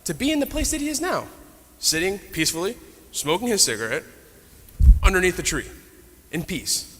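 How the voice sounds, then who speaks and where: A man's voice: high-pitched, big pitch swings, moderate pace, bright, forceful tone, slight background noise. A man teaching an adult Bible study class in a conversational way, retelling stories with asides. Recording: echoey hall reverb.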